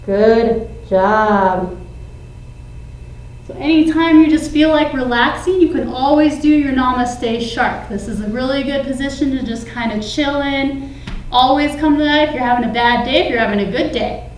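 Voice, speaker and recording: A woman's voice: high voice, brisk, roomy sound, a little hiss or hum, poor audio. A woman teaching a children's yoga class, giving playful, encouraging sing-song cues. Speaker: kids yoga instructor.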